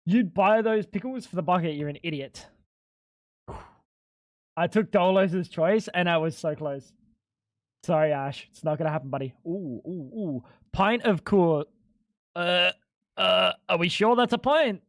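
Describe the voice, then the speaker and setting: A young man streaming live, joking loosely with chat, swearing freely and jumping up into high incredulous squeaks when something baffles him. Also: measured pace, pauses often, no room sound, clean studio sound.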